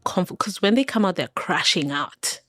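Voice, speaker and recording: A woman's voice: lowish voice, expressive, moderate pace, fairly bright tone, no echo. Woman, from Kenya, thirties, podcast guest, emotional personal story, laughs often, dry sound. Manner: candid and emotional, laughs often, acts out quoted voices.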